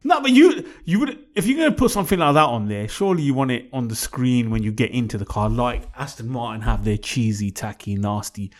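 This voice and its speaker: A man co-hosting a casual car chat, reacting quickly with disbelief and giving blunt opinions. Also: mid-range voice, animated. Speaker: car podcast co-host.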